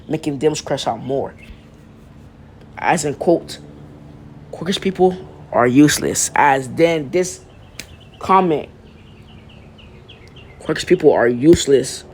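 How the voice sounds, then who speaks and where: A man's voice: on the high side, a little mellow, a little hiss or hum. A young man casually retelling a fan story, rambling with restarts and slang.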